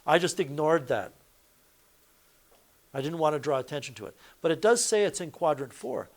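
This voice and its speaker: A man's voice: fairly high pitch, animated, normal speed. A male math teacher lecturing a classroom, explaining each step and correcting himself aloud as he goes.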